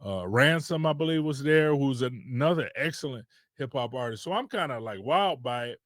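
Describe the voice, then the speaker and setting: A man's voice: mid-range voice, expressive, moderate pace, dry recording, clean studio sound. A man from Detroit, a podcast host, telling a casual rambling story with loose restarts.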